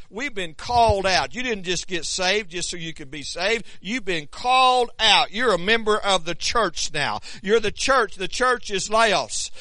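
A man preaching a sermon, moving between hushed questions and loud, shouted exhortation, and stumbling over Greek words. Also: high-pitched, dry recording.

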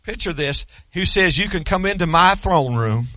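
Male pastor, high bright voice, emphatic repetitive preaching. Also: animated, moderate pace, dry recording. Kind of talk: sermon.

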